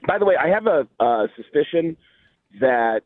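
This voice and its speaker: A man's voice: fairly high pitch, lively intonation, moderate pace, no echo. Middle-aged male comedian guest, chatty and rambling, heard over a tinny phone. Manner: rambling storyteller, many fillers. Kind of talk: casual radio phone chat.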